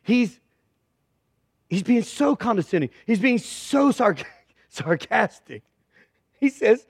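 Joking male pastor, high voice, dry close sound, conversational and emphatic. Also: big pitch swings, slow, long pauses, breathy edge, no echo. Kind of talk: humorous sermon.

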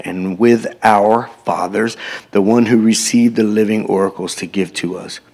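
A preacher reads scripture aloud to his listeners. His voice sits low and has a gravelly, husky grain. Now and then he stops the reading to add a short aside of his own. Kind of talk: sermon scripture reading with commentary.

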